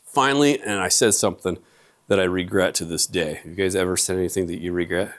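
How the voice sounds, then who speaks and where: A middle-aged man giving a humorous lecture, telling family stories with lively acted-out quotes to an audience in a lecture hall. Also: low voice, fast talker. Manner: animated storyteller, acts out family quotes.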